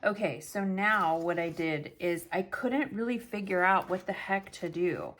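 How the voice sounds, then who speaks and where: A middle-aged woman telling stories in a casual, chatty planner vlog, animated and talkative. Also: lowish voice, a little slow. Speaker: planner vlogger.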